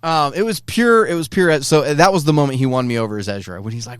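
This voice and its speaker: A man co-hosting a casual chat podcast, an excited fan who acts out quoted lines. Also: medium pitch, fairly quick, smooth, no room sound, clean studio sound. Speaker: podcast co-host.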